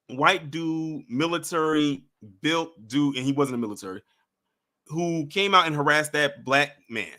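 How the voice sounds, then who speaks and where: A man's voice: fairly high pitch, pushed and bright. A man reading a news story aloud and breaking off into emphatic, indignant commentary. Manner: emphatic, indignant asides between read passages. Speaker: commentary streamer.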